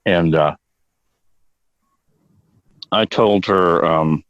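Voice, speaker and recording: A man's voice: low voice, very slow, fairly bright tone, dry recording. An older man telling stories as an interview guest, rambling off on digressions and swearing casually. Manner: rambling and profane, prone to digressions. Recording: dull, dry lo-fi audio.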